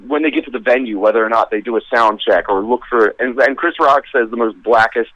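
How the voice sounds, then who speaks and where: A man calls in and rambles through a casual chat, stumbling over fillers as he goes. His voice comes through a dull, lo-fi line with a dry, close sound and no room around it. The pitch sits in an ordinary middle range. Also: no echo. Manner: rambling, halting with many fillers. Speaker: caller.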